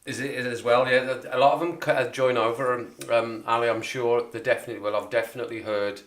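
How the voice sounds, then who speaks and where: A man's voice: mid-range voice, little pitch movement, fast talker, fairly bright tone. A man with a West Midlands accent, hosting a casual livestream chat, rambling and chatty with frequent laughs. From Wolverhampton area, England. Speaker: livestream host.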